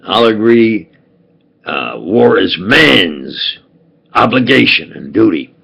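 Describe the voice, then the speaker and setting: An older man with a New York accent, talking in a halting, wandering monologue full of fillers and restarts. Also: on the low side, sing-song, gravelly, pushed and bright, breathy edge, rough recording. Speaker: video blogger. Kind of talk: rambling monologue.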